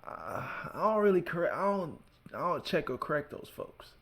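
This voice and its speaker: A man's voice: fairly high pitch, sing-song, moderate pace, fairly bright tone. A man from the United States hosting a reaction video, talking casually in a laid-back way with slang. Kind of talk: casual commentary.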